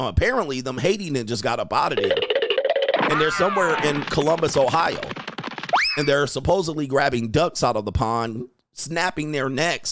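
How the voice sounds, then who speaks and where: A man hosting a livestream, reacting in casual commentary with drawn-out exclamations and chuckles. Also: medium pitch, dry recording, clean studio sound. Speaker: livestream host.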